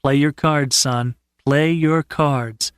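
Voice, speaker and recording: A man's voice: a little high, lively intonation, moderate pace, fairly bright tone, no room sound, studio quality. A man voicing a brash, self-assured young man in an audiobook, with wry, cocky asides. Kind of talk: audiobook character voice.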